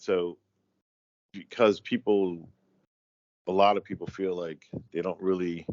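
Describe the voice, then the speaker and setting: An American man talking as a guest in a casual chat, halting and rambling with many fillers. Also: low voice, a bit bright. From United States. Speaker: guest, tattoo artist. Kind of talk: casual conversation. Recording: dry, dull lo-fi audio.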